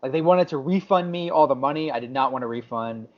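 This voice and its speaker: A man's voice: medium pitch, fast talker. A man co-hosting a podcast, telling a story in casual chat and acting out what others said. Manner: animated storyteller, acts out quotes. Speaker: podcast co-host. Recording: slightly dull lo-fi audio.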